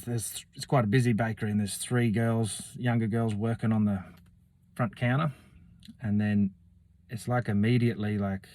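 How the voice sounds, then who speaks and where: Man, low voice, rambling casual storytelling, dry close sound. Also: darkish tone, dry recording. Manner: rambling, swears casually, acts out other people's lines.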